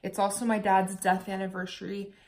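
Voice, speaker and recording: A woman's voice: mid-range voice, level tone, fairly quick, a little mellow. A young woman from the United States telling her own story in a candid, chatty vlog, at times holding back tears. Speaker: vlogger.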